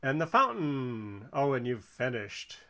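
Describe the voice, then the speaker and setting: A sing-song, sharp-toned man with a mid-range voice speaks unhurriedly as he co-commentates on someone else's flight in a video game. He keeps it casual and encouraging, calling out the balloon score.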